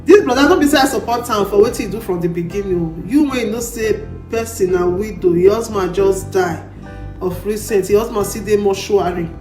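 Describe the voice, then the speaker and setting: A woman's voice: medium pitch, fairly quick, a little mellow. A woman speaking Nigerian Pidgin, hosting and commenting on a clip in a lecturing way. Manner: lecturing, drawing lessons. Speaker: channel host. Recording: roomy echo with faint music.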